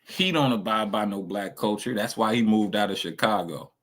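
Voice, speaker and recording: A man's voice: on the low side, moderate pace, few pauses. A man streaming casual reaction commentary, ranting emphatically and swearing a lot.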